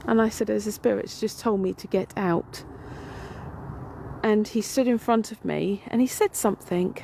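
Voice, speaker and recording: A woman chats her way through a graveyard in a casual vlog, rambling and filling pauses as she tells a ghost story. She talks outdoors into a handheld phone. Faint outdoor noise sits behind her voice. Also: medium pitch, gravelly, dark tone. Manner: chatty, rambling storytelling with fillers. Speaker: paranormal vlogger.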